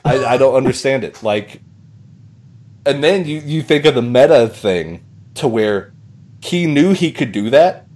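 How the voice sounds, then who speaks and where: Male podcast host, casual rambler, profane and laughing, mid-pitched. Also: expressive, measured pace, a little mellow. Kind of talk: casual chat.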